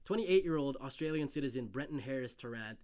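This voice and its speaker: A man's voice: medium pitch, expressive, fast talker, darkish tone. A man co-hosting a casual podcast, reading news stories aloud and riffing on them with loose, profane talk. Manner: loose and profane, reads headlines then riffs. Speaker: podcast co-host.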